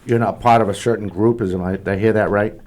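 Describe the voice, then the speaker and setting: A friendly man with a lowish voice hosts a sports talk show. He asks his questions in a halting, chatty way and often restarts his sentences. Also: steady tone, a little mellow. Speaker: podcast host.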